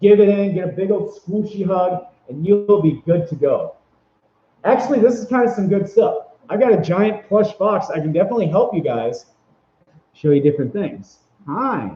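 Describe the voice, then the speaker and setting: A man's voice: high voice, expressive, moderate pace. Rambling upbeat guy in an echoey room. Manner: rambling, upbeat, many fillers and restarts. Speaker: vlogger giving convention tips. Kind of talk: casual advice vlog. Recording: echoey room, dull lo-fi sound.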